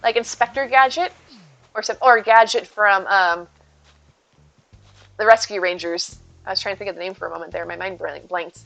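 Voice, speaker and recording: Woman streaming a game, just chatting with chat, soft cooing bits for her cat, faint music behind. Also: medium pitch, fairly even intonation, moderate pace, creaky, long pauses. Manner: chatty, answers viewers, coos at her cat. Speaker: live streamer. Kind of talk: casual live-stream chat while gaming.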